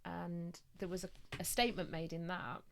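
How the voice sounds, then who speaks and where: A woman, a psychic medium, chatting casually on a podcast and telling stories with quick bursts of laughter. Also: fairly low pitch, flat delivery, creaky, slight background noise.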